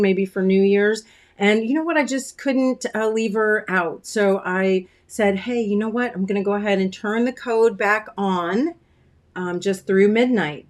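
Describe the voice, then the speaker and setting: A woman hosting a casual craft-studio livestream, greeting viewers by name with chatty, friendly talk and frequent ums, clearing her throat now and then. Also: medium pitch. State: throat-clearing, choked up after dinner. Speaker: craft shop owner hosting a weekly livestream.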